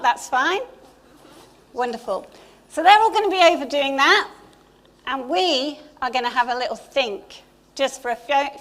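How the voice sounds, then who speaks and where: A middle-aged English woman speaks from the front of a church, her voice sitting high. She preaches in a loose, conversational way, full of small asides and gentle humour. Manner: chatty and warm, with asides. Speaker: church leader. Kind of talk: informal Easter sermon. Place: church hall.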